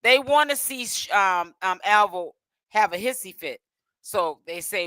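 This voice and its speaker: A woman's voice: medium pitch, animated, unhurried, a bit bright, no echo. A woman giving casual commentary in a sassy, mocking way. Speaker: commentary streamer.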